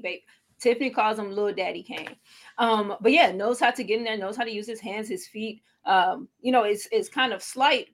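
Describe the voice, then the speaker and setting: A woman co-hosting a casual sports podcast over a video call, energetic and gushing, with casual swearing. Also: mid-range voice. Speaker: podcast co-host. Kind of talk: casual postgame chat.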